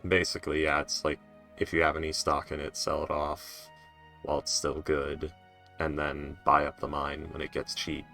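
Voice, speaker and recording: A man's voice: rumbling low, monotone, moderate pace, creaky, sharp tone, soft background music. A man playing a tabletop game with friends, joking and laughing a lot. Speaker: player. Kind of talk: casual chat during a tabletop game.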